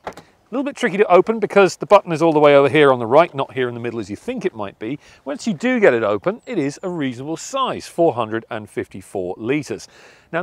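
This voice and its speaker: A young adult man, presenting a car review from inside a car, measured and conversational as he weighs pros and cons. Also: mid-range voice, dry recording. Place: inside a car, partly while driving.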